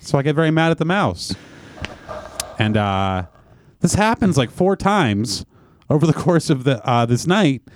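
A man co-hosting a podcast, telling a funny story in casual chat and acting out his own shouts. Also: medium pitch, big pitch swings, unhurried, pauses often, no room sound. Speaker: podcast co-host.

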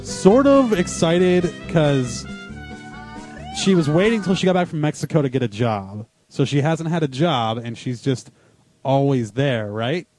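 Young male host, slightly high voice, rambling and self-deprecating, music bed faint underneath. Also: animated, measured pace, a little mellow. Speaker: radio show host. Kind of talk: casual studio chat.

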